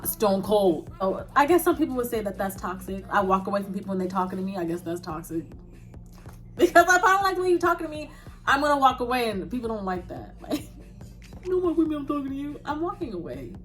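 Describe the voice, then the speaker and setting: A young woman vlogger answering viewer questions in a candid, casual chat, laughing often and dropping in quick asides. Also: mid-range voice, sing-song, a bit bright, soft background music.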